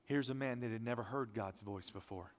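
A man's voice: fairly low pitch, a little fast. Man preaching in an echoing hall. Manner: emphatic preaching, swinging from loud to hushed. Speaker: pastor. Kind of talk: sermon. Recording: long reverb of a large hall.

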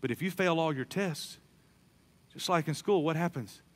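A man's voice: fairly high pitch, normal speed. Emphatic man preaching in a reverberant hall. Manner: emphatic, swings between soft and loud preaching. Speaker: pastor. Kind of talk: sermon.

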